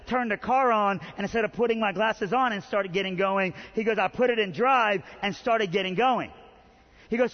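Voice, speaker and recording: High-voiced preacher in a reverberant hall. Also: male voice. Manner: animated storyteller, acting out both voices, rising to shouts. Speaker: pastor. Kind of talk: sermon with a personal story. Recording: muffled sound with long hall reverb.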